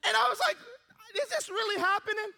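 A young man preaching a sermon, telling a funny personal story and acting out his own thoughts in a lively way. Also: very high voice, brisk, creaky. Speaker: pastor.

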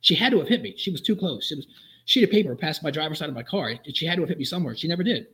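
Fast-talking man telling a police chase story. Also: on the high side. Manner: fast, animated storytelling with voiced quotes. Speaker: police officer guest. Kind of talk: storytelling in a podcast interview.

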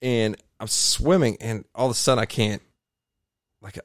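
A man, a triathlete guest, telling his stories in a rambling, animated way in a home garage. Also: on the low side, normal speed, no room sound, clean studio sound. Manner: rambling, animated storytelling with restarts. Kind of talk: casual storytelling interview.

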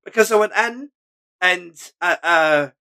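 A man's voice: sits high, takes it slowly, sharp tone. A Scottish man with a Lanarkshire accent chatting casually and enthusiastically, laughing easily. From Scotland. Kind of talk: casual chat.

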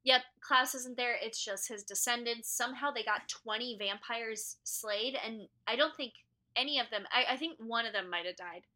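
A woman's voice: on the high side, normal speed, bright, forceful tone. A young woman co-hosting a casual book podcast, eagerly retelling the plot. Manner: eager, storytelling recap with acted quotes. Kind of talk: casual chat recapping a book.

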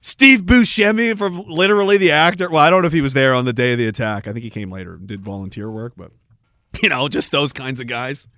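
A man's voice: medium pitch, fast, bright, forceful tone, no echo, clean studio sound. A man in his thirties hosting a solo podcast, ranting in a rambling, profane, self-mocking way. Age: 30s. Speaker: podcast host.

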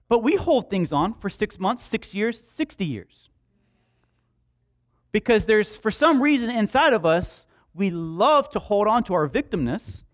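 A man preaching a sermon in a conversational way, with joking asides to the congregation. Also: high-pitched. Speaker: pastor.

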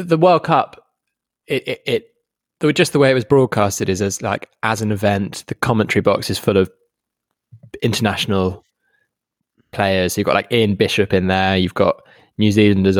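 A young man co-hosting a podcast from home, talking in a halting way with many restarts and easy laughter. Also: on the low side, steady tone, dry recording, studio quality. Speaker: podcast co-host. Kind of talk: casual chat. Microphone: home microphone.

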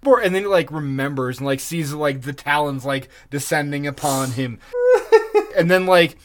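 A man co-hosting a podcast in loose, joking chat. His voice sits fairly high, and he swears freely and spins silly riffs. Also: big pitch swings, unhurried. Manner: joking, swears a lot, playful. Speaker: podcast co-host. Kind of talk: casual chat.

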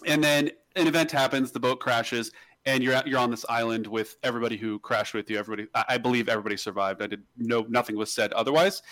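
A man talking quickly on a podcast, his words tumbling out in a rapid, loose ramble full of restarts. The sound is close and dry, with no room echo at all. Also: medium pitch, fairly bright tone. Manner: rambling, with many restarts and fillers. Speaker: podcast host. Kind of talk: casual podcast chat.

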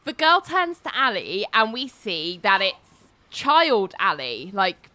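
A woman's voice: medium pitch, very animated, takes it slowly, bright, forceful tone. A woman, casually retelling a TV episode as a podcast host, acting out the characters' lines with laughs. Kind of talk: casual chat.

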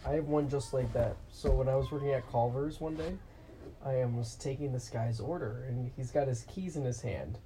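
A young man co-hosting a casual chat, dropping dry, deadpan quips. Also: medium pitch, moderate pace, noisy background. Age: young adult. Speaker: podcast co-host.

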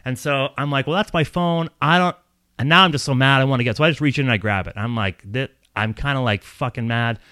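A man's voice: medium pitch, fast, hardly any pauses, dry recording. A man telling a long personal story in a casual, rambling way, swearing often and laughing as he goes. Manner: profane, rambling, animated, laughs while telling.

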